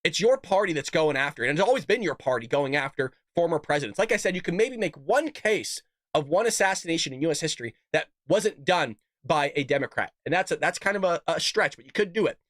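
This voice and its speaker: A man's voice: a little high, animated, quick pace, fairly bright tone, dry recording, studio quality. A man hosting a political commentary show, combative and emphatic, talking straight to his viewers and reading out quotes. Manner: reads out quotes and tweets.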